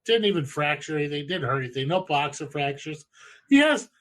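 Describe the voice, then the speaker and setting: A man's voice: a little high, fast, a bit bright. A man, rambling through stories and opinions with plenty of swearing. He talks loosely, in a casual chat show. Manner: rambling, profane storytelling. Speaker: podcast host.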